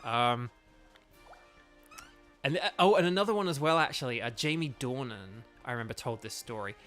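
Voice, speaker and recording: A man with a Northern Irish accent chats his way through a game, rambling and restarting with plenty of fillers. His voice sits at an ordinary middle pitch. Faint game music plays quietly underneath. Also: expressive, moderate pace. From Northern Ireland. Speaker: gaming YouTuber and voice actor. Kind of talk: casual let's-play commentary.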